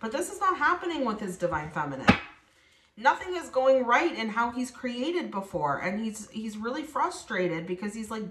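This tarot reader's high, sing-song voice is fairly bright and moves at a normal pace as she addresses viewers directly and acts out quoted voices. The echoey recording has slight background noise.

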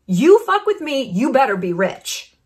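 A YouTube commentator in her thirties vlogs a blunt, sarcastic opinion monologue, brash and full of quick asides. Her voice sits high, very animated, with a darkish tone.

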